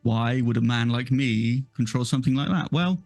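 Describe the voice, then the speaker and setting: Man putting on a gloating, creaky old village elder. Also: mid-range voice, a little mellow, no echo, faint music behind, close to an everyday voice. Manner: slow, gloating, contemptuous. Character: scheming old male village elder, menacing and condescending.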